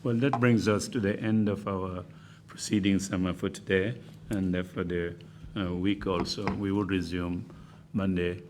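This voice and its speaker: An older man chairing a formal hearing, speaking slowly with many ums and uhs. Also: low-pitched, fairly even intonation, background noise. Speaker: commission chair.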